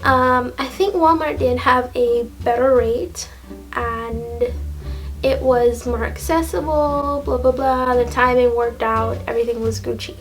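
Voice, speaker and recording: A woman in her late twenties telling a story in a casual, animated, laughing way, full of slang. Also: a little high, unhurried, soft background music, low-quality recording. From Jamaica. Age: late 20s. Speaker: vlogger.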